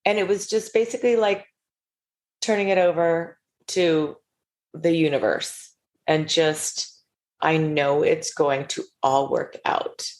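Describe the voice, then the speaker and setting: A woman's voice: low-pitched, steady tone, slow, darkish tone. A middle-aged woman speaking as a podcast guest, earnest and storytelling as she gives advice to listeners. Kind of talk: casual interview chat.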